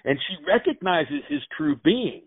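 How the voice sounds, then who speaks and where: Male interview guest, lively storyteller, dry tinny phone sound. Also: on the high side, measured pace, breathy edge, dry recording. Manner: animated anecdotes, acts out quotes. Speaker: actor and writer, guest.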